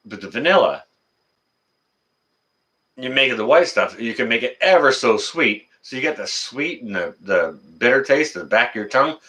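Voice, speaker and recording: A man's voice: medium pitch, sing-song, moderate pace, pushed and bright. A middle-aged man, hosting a casual live stream, reading the chat and answering viewers by name in a folksy, teasing way.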